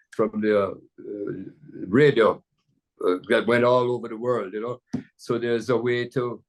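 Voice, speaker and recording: Older Jamaican man telling rambling stories. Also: lowish voice. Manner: rambling, storytelling, many restarts and "you know"s. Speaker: jazz pianist guest. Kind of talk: casual conversation. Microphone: video call.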